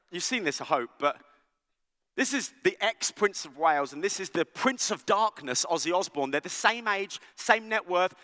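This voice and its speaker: High bright guy doing a fun chatty keynote, tons of "right?", big echoey hall. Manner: animated, joking, conversational with frequent "right?". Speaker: conference speaker. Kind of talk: keynote talk. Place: large conference hall.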